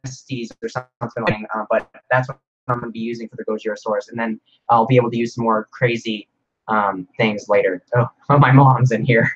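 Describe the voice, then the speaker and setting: A man hosting a casual livestream Q&A, rambling excitedly as he reads viewer comments aloud. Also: medium pitch, brisk, highs cut off. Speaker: livestream host.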